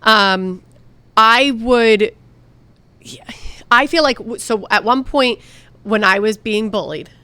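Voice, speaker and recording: A woman's voice: on the high side, slow, long pauses, bright, forceful tone, no echo. A middle-aged woman from the Philadelphia area co-hosting a TV advice show, talking casually and often restarting her sentences. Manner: chatty, restarts often when making a point.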